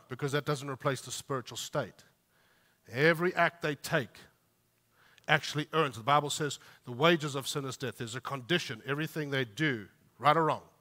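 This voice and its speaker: A man preaching in a sermon style, his voice set a little high and bright. He pushes hard on the scripture he reads and sinks softly into asides. A long hall reverb trails behind each phrase. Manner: emphatic preaching, rising on read scripture and dropping low for asides. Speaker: pastor.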